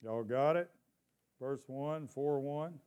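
This pastor speaks in a medium-pitched, slightly mellow voice that is clear and resonant. Preaching in church, he poses questions to the congregation in call-and-response and drags out scripture lines for emphasis.

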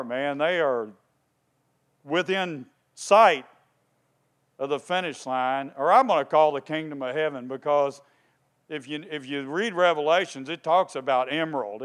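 A man preaching a sermon, retelling a story and asking his listeners questions. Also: a little high. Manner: storytelling, lively, asks the congregation questions. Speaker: pastor.

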